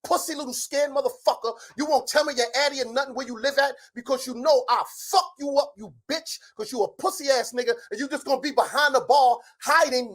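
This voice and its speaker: Angry ranting man, loud and profane. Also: very high-pitched. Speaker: show guest. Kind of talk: heated argument.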